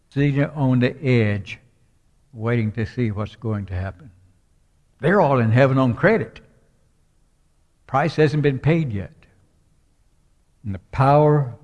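Slow, emphatic preacher in a reverberant hall. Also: male voice, medium pitch, darkish tone. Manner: slow and emphatic, voice swelling on key words. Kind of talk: sermon. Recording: dull sound with long hall reverb.

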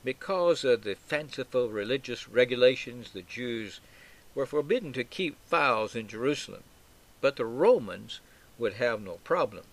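A man's voice: medium pitch, lively intonation, normal speed. A man teaching through a Bible passage in an expository sermon, stressing quoted lines with emphatic swells. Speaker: preacher.

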